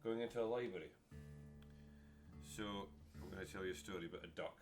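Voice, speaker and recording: A man, a folk musician, telling a shaggy-dog joke between tunes at a house concert, droll and deadpan. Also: deep voice, brisk, music in the background. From Scotland.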